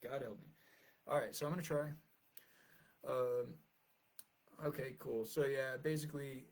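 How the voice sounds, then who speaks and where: A man's voice: medium pitch, steady tone, measured pace, darkish tone, rough recording. A man talking casually to his viewers, rambling and self-deprecating with many fillers, and reading his own essay aloud.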